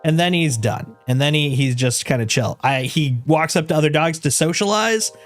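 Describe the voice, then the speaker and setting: A man's voice: a little high, moderate pace, faint music behind. A man chatting casually on his game livestream. He rambles with restarts and laughs, and coos at his dog in doting baby talk. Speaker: game streamer.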